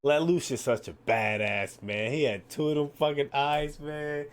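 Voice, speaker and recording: A man's voice: fairly high pitch, a little slow, clear, resonant tone. Casual, profane male podcast host. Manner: loose, profane and excitable, lots of "like" and "man". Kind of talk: casual solo podcast chat.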